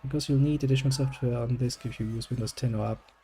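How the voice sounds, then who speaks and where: A man's voice: mid-range voice, fairly even intonation, fast talker, mellow, a little hiss or hum. A man hosting a gaming video, chatting casually and joking as he plays, swearing freely. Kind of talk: casual gameplay commentary.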